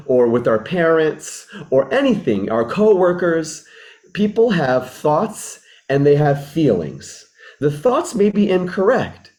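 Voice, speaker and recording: With a fairly high pitch and darkish tone, a man serving as a relationship mentor gives an earnest instructional talk. He reflects aloud, circles back to rephrase his points, and acts out sample dialogues.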